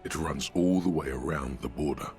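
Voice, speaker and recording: A man voicing a dry, calm inner-voice narrator in a game, speaking in a measured, gravelly way. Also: faint music behind. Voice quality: deep and gravelly.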